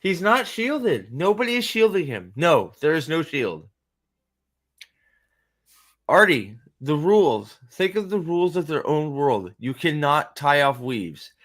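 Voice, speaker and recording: A man's voice: fairly high pitch, big pitch swings, a little slow, a bit bright. A man hosting a casual reaction commentary, rambling, profane and sarcastic, with frequent restarts. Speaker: host.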